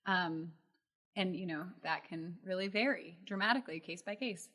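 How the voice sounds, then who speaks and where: A woman's voice: fairly low pitch, normal speed, bright, forceful tone. A woman attorney speaking in an upbeat, playful way on a live legal panel.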